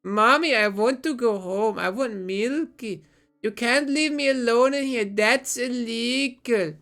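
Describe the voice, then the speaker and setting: A sobbing, whining man-child lost in a store, begging for his mother in a pitched-up, wailing voice, as a streamer does an impression. His pleas swing between slow, drawn-out cries and sudden outbursts. Faint music sits in the background. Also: fairly bright tone. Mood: whiny pleading. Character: whiny man-child lost in a supermarket, crying for mommy.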